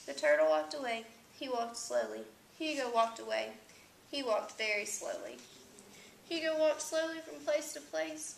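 High-voiced woman reading a picture book. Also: moderate pace, vocal fry, echoey room, a little hiss or hum, poor audio. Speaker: children's book reader.

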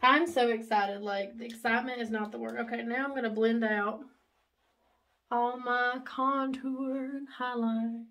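A young-sounding woman talks through her makeup in a high, bright voice. She gushes and chatters excitedly in a casual, chatty way. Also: measured pace. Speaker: makeup vlogger. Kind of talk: casual get-ready-with-me chat.

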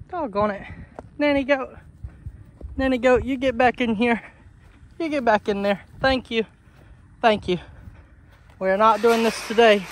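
A man talking casually to his goats on a homestead, coaxing and scolding them playfully, his voice jumping high when he is exasperated. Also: a bit bright. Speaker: homesteader vlogger. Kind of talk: casual talk to farm animals. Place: outdoors on a homestead among goats and animals.

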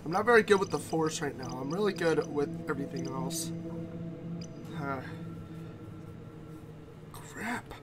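A man's voice: a little high, animated, moderate pace, very noisy. A man casually commenting as he plays a video game, chatty and thinking aloud. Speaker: gaming YouTuber. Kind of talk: let's play commentary. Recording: voice over game music.

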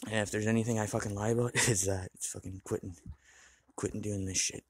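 Low-voiced, rambling, profane man. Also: fast, a little mellow. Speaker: vlogger. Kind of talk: rambling casual monologue.

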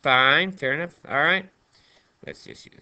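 A man's voice: on the high side, a little slow, sharp tone, clear, resonant tone, dull audio. A male math teacher talking through a screen-recorded lesson in a chatty, playful way, chatting to himself as he writes.

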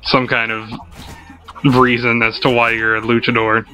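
A man's voice: mid-range voice, level tone, moderate pace, sharp tone. A man casually co-hosting a let's play, joking and laughing often while reading game text aloud. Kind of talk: casual gaming chat. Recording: dull lo-fi sound with game music.

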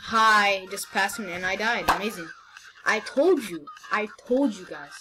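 A young woman plays a game and comments on it casually, her medium-pitched voice a little slow against some background noise. Her manner is teasing and lighthearted, though she keeps stumbling and restarting her words.

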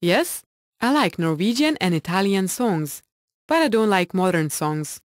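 A woman's voice: mid-range voice, sing-song, unhurried, no room sound, clean studio sound. A woman narrating a scripted language lesson in a reassuring, explanatory way and translating the dialogue into English.

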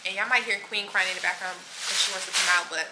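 Rushed, chatty young woman vlogging. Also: medium pitch, steady tone. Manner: chatty, rushed, addresses viewers as y'all. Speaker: vlogger, nursing student. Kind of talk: casual vlog chat. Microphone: compact camera. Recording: echoey room with clear background noise.

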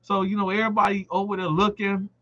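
A man's voice: sits high, quick pace, muffled recording. A man hosting a live stream, casually telling a story from his time locked up and acting out what others said. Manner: animated, acts out other inmates' quoted lines. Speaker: livestream host telling a prison story.

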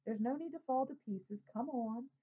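A woman's voice: on the high side, normal speed, breathy edge, pitched above the performer's own voice. A woman voicing a tired teenage boy who speaks crossly to his little brother. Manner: cross, sleepy annoyance. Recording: tinny phone-like sound.

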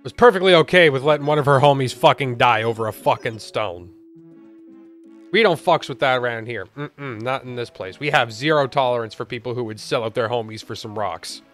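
A man's voice: medium pitch, a little fast, a bit bright, soft background music. Profane, exasperated young man gaming. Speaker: let's play host. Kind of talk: gameplay commentary.

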